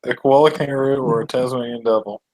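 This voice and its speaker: A man's voice: mid-range voice, steady tone, fast, darkish tone, no room sound, low-quality recording. A man in a casual online chat, asking playful, stammering questions. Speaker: hangout participant.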